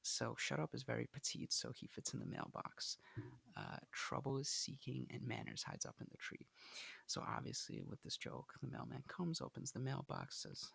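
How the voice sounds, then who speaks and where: A young man hosting a casual podcast, giving blunt dating advice in an animated, coaching way. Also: medium pitch, moderate pace, vocal fry, husky, no room sound.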